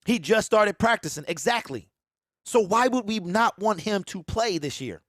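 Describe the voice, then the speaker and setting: Excitable sports host, high-pitched, dry close mic, casual live-stream riffing. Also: male voice, moderate pace, no echo. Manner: excitable, repeats himself, mocks fans in a mimicking voice.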